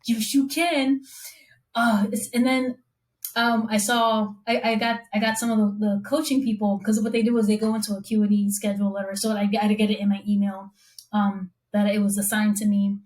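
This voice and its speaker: A woman guest talking casually as a copy coach, quick and rambling, acting out what people said to her in lively voices. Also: mid-range voice. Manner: animated, acts out quoted dialogue with voices; fast, rambling with restarts. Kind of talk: casual conversation.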